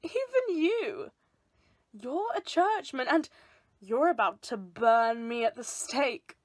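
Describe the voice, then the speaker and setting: A woman playing a scornful condemned woman, slow and dry. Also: high voice, dry recording, full character voice. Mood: defiant. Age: young adult. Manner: calm, scornful, measured. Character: defiant young woman condemned to burn. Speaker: student actor. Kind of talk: theatre monologue performed online.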